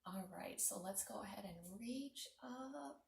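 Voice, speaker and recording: A woman leading young children through a breathing lesson in a soft, encouraging voice that sometimes drops to a whisper. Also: medium pitch, animated, unhurried, gravelly. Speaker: children's librarian leading a mindfulness story time. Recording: roomy home recording from a distance.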